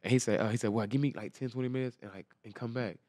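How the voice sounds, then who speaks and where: A man's voice: mid-range voice, rapid-fire, no echo, clean studio sound. A young man in his twenties, a football player, earnestly retelling an emotional story and acting out everyone's lines. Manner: animated, acts out the dialogue of people in his story. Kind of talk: casual storytelling interview.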